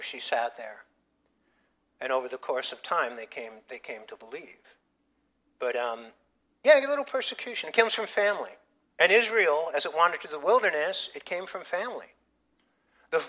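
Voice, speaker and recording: A middle-aged man preaching with a bright, forceful voice, pitched a little high. He tells stories with emphasis and often restarts his phrases. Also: normal speed. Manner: animated, emphatic storytelling with frequent restarts. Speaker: pastor. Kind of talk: sermon.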